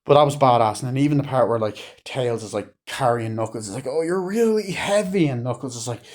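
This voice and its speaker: A man giving a casual movie review, rambling excitedly, swearing often and retelling scenes. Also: medium pitch, fast.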